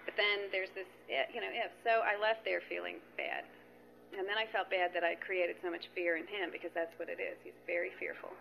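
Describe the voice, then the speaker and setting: A woman's voice: on the low side, flat delivery, fairly quick, gravelly, slight background noise. A middle-aged woman sharing at a spiritual gathering, telling a tangled personal story with many asides and retold conversations. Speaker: participant sharing at a spiritual retreat. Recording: dull lo-fi recording.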